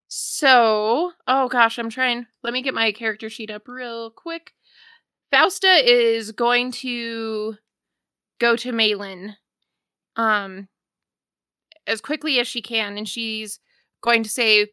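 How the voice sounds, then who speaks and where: A woman playing in a tabletop game, playful and deliberate. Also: on the high side, steady tone, pushed and bright, smooth, dry recording, clean studio sound. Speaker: player.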